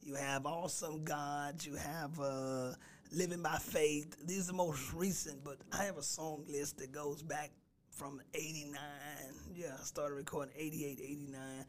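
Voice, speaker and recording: A pastor and gospel singer with a raspy voice, chatting easily on a radio show and laughing often. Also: male voice, fairly high pitch, steady tone, measured pace, a little hiss or hum. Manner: laid-back, laughs easily, sings snatches of his songs. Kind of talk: casual radio interview chat.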